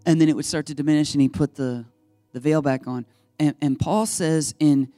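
A male pastor giving a casual, animated sermon in a church, acting out the people in his stories. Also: on the high side, no room sound. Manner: animated storytelling, acts out voices. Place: church sanctuary under stage lights.

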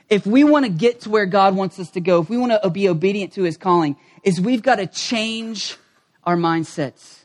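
A male pastor delivering a sermon with lively, animated energy. His voice swings between excited, raised moments and quiet, low-pitched stretches.

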